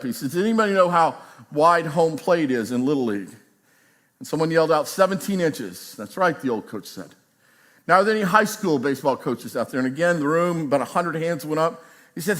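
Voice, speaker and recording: Male pastor, sermon storytelling, animated delivery, mid-pitched voice. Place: church.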